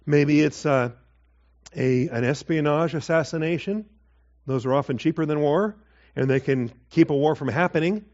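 A man's voice: on the high side, normal speed, darkish tone, lo-fi sound. Man teaching a Bible passage, chatty. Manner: conversational, with asides and acted quotes.

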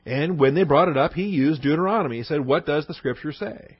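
A man's voice: a little high, brisk, breathy edge, no room sound, lo-fi sound. A male pastor preaching an expository sermon, stressing points with repetition and rhetorical questions. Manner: emphatic, rhetorical questions, repeats key points.

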